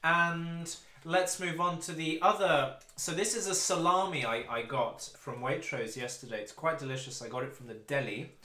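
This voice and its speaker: A young adult Englishman speaks on the high side with fairly even intonation, normal speed and few pauses, his bright, forceful tone sounding roomy. He hosts a casual food-review podcast among friends at a table, wry, mock-formal and quick to laugh.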